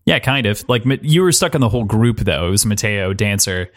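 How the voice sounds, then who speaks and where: A man's voice: lowish voice, animated, fairly quick. A man co-hosting a podcast, casually discussing a book and asking his partner probing follow-up questions. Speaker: podcast co-host.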